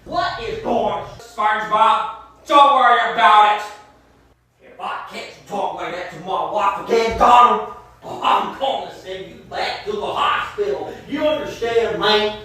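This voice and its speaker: A man's voice: high-pitched, unhurried, bright, forceful tone. Man voicing a threatening cartoon husband, blunt and menacing, distant echoey sound. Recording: very echoey, from far off.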